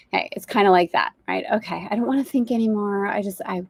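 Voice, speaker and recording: A woman's voice: medium pitch, creaky, a little mellow, dry recording. A woman teaching a spiritual course on a live stream from a boat at anchor, chatty and reflective, laughing easily. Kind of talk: casual livestream teaching. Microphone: external mic on a live video stream.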